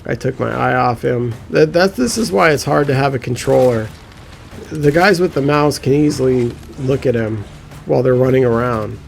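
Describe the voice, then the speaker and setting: An excitable man talks through his gameplay with a gravelly, fry-tinged voice. He laughs often and swears when the fight gets frustrating. Faint game music plays behind him. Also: mid-range voice, normal speed. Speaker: gaming commentator. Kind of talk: gameplay commentary.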